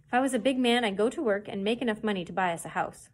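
A woman's voice: mid-range voice, fast, natural voice. A woman reading aloud and voicing a restless, stubborn young boy in a storybook, eager and defiant.

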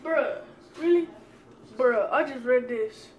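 High-voiced, unhurried, excitable vlogger woman. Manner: excitable, swears often, talks straight to viewers. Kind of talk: casual mail-opening vlog.

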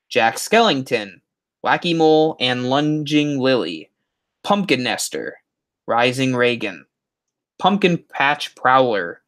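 A man's voice: medium pitch, fairly bright tone. Chatty man on a headset. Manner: chatty and rambling, reads out viewer comments. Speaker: YouTube livestream host. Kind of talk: casual livestream chat reading comments.

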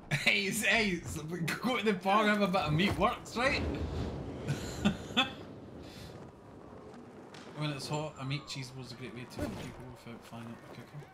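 A Scottish man talks over his game stream in an animated, exasperated rant full of swearing. His pitch swings widely from low grumbles to high outbursts. Steady noise sits under the voice. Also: a little slow, pauses often. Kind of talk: casual live-stream chat.

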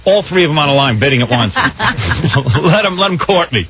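A male talk radio host riffs and grumbles his way through studio banter, mocking his crew as he goes. His voice jumps around with lively swings in pitch. The audio is narrow and phone-like. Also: moderate pace, noisy background. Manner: loud, animated, wisecracking, complains at length.

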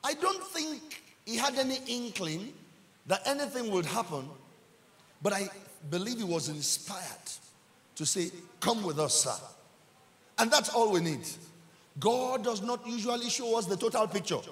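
A man with a Nigerian accent, a pastor preaching a sermon in church, building up to shouted emphasis and repeating his lines. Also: sits high, animated, a little slow, long pauses, big-room sound.

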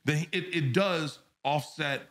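A man's voice: fairly high pitch, takes it slowly. A man who is a comedian guest, chatting casually on a podcast and telling profane, enthusiastic stories while acting out the voices. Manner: animated storyteller, acts out voices.

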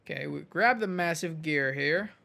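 A man's voice: fairly high pitch, normal speed, gravelly, pushed and bright. A man giving casual, jokey commentary while playing a game, rambling, swearing and muttering to himself. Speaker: gaming channel host.

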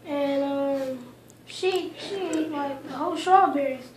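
A woman reminiscing casually about old times, halting and repeating herself as she remembers. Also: sits high, reverberant.

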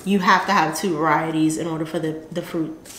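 A woman's voice: low voice, steady tone, brisk, fairly bright tone, reverberant, slight background noise. A woman hosting a gardening channel, chatting casually and rambling with lots of fillers as she shows her seed packets. She speaks with a Southern American accent.

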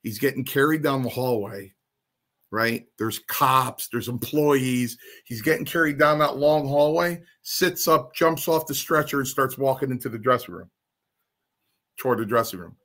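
A man telling stories from his wrestling career in an interview, animated and blunt, with salty language. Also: mid-range voice, normal speed. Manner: animated, acts out the people in his story. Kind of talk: casual anecdotal storytelling.

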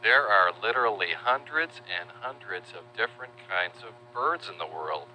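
A man narrating a children's educational video, playful and animated, spelling out words slowly for young viewers. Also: on the low side, a little hiss or hum, low-quality recording.

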